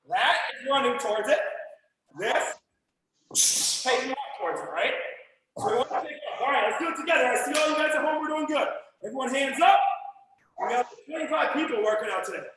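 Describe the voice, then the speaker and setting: A man teaching a martial arts class online, calling out drill commands with loud, energetic coaching. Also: very high voice, noisy background. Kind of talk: live online class instruction. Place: martial arts studio, indoors. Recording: echoey room with long reverb.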